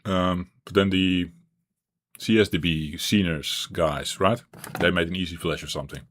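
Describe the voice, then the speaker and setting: A man's voice: low-pitched, steady tone, moderate pace, a bit bright, a little hiss or hum. A man streaming a retro game, thinking aloud and rambling with frequent restarts. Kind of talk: live-stream gameplay chat.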